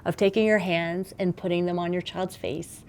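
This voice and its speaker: A middle-aged woman speaking as a parenting expert guest in a conversational interview, animated and acting out little scenes. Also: fairly low pitch, normal speed, a little hiss or hum.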